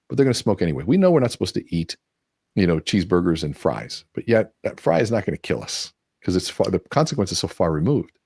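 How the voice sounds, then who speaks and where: A man's voice: fairly low pitch, a little mellow, slightly rough, no echo, studio quality. A man as the guest expert on a podcast interview, talking energetically, acting out quoted dialogue and restarting often. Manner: frequent restarts.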